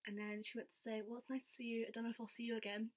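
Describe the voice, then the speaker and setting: A woman's voice: fairly high pitch, level tone, racing. A young woman telling a story to camera in a chatty way, full of "like" and acted-out quotes. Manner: chatty, says "like" all the time, acts out quotes. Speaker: vlogger. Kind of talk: casual storytelling.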